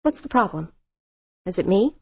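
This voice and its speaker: An impatient, controlling wealthy man who insists in a low, tight voice, read by a woman narrator. His tone is pressing and clipped. The recording is dry and a touch dull. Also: big pitch swings, moderate pace, gravelly, breathy edge, no room sound, heavily acted. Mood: insistent.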